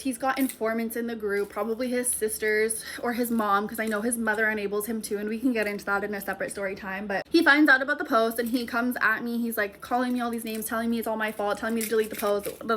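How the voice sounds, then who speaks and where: A woman's voice: fairly high pitch, steady tone, fast, few pauses, bright, forceful tone. A young woman telling a storytime tale to her viewers, chatty and profane, with a lot of "like" in her talk. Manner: chatty and profane, heavy use of "like". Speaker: storytime vlogger. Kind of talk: casual storytime monologue.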